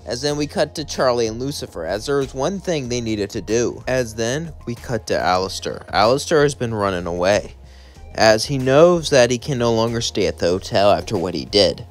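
Casual young man host, rambling fan story narrator, mid-pitched. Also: expressive, normal speed, soft background music.

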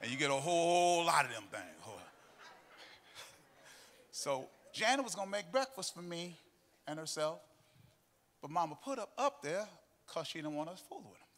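A middle-aged man preaching a sermon in a church. He tells stories and breaks into sung, shouted cadences, with faint music behind him. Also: on the high side, sing-song, normal speed, long pauses, slight background noise. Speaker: pastor. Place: church sanctuary.

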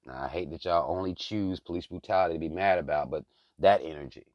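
A man's voice: deep voice, quick pace, dry recording, muffled recording. A man hosting his own channel, giving blunt, profane, heated political commentary in a casual rant. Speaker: channel host.

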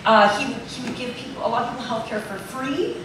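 A woman's voice: fairly high pitch, brisk. A woman doing a rambling, profane live comedy monologue in front of an audience. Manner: rambling, self-interrupting, profane. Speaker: improv monologist. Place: cruise ship show lounge, live audience. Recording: echoey and distant, crowd noise.

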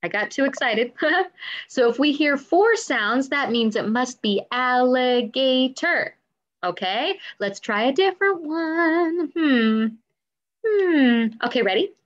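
A woman teaches young children music over video, stretching words into slow, bouncy syllables. Her voice sits a little high and leaps up and down, kept unhurried for little listeners. The audio is a bit dull, like a simple camera mic. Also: expressive. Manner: sing-song, drawn-out syllables, encouraging questions.

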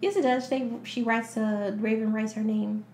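A woman's voice: fairly high pitch, steady tone, normal speed, a little mellow. A woman hosting a podcast, giving a casual movie recap and acting out the characters' lines as she retells the plot. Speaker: podcast host. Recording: echoey room, faint background hiss.

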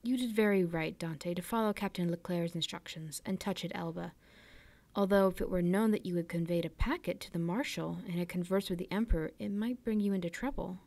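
A woman's voice: fairly low pitch, brisk, vocal fry, a little mellow, no room sound. Eager, kindly old ship owner, rising with interest, read aloud by a woman, dry close sound. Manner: eager, questioning. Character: warm older male ship owner.

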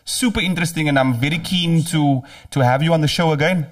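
A man's voice: fairly high pitch, fast, recorded from a distance. A man from Africa, hosting a casual podcast chat and often murmuring agreement. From South Africa. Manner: relaxed, frequent murmured agreement. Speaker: podcast host. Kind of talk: casual conversation.

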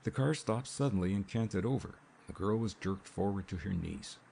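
Brief: male audiobook narrator, gravelly low voice, measured delivery. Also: animated, mellow, a little hiss or hum. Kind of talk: scripted narration. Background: rain sounds.

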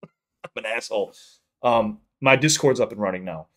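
Excitable, foul-mouthed man reacting to music. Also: on the low side, normal speed. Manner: excitable, swears freely, rambling. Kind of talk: casual reaction commentary.

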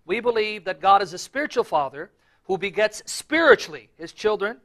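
Male apologist, high and forceful tone, earnest emphatic delivery. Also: expressive, brisk. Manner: earnest, emphatic, frequent throat-clearing. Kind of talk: religious debate commentary.

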